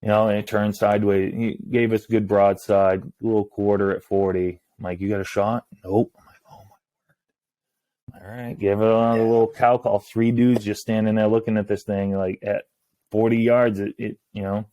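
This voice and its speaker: A man, a hunting guide, telling a story in casual talk, acting out the lines of others in a hushed voice. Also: on the low side, a little fast, no room sound. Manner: animated, acts out quoted lines in a hushed voice.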